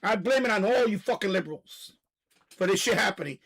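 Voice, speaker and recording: A man hosting a live stream, delivering a loud, profane, repetitive rant and stopping now and then to catch his breath. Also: sits high, animated, brisk, breathy edge, poor audio. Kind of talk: ranting live stream monologue.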